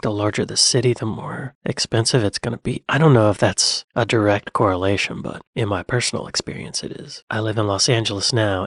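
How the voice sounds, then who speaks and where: A man's voice: mid-range voice, no echo. An American man casually reacting to a video, chatty, rambling and playful. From United States. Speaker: reaction channel host.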